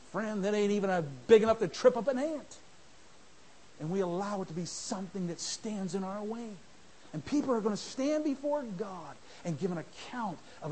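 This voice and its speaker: A man preaching a sermon in church, rising to shouts and dropping to a hush, mimicking his listeners. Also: sits high, expressive, normal speed, husky, rough recording. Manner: swings from shouting to soft, mimics church members. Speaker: visiting preacher.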